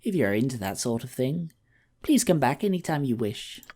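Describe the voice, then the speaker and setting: A man reading game dialogue aloud, voicing a hospitable but wary halfling village woman in a soft put-on female voice. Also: medium pitch, sing-song, normal speed. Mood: welcoming.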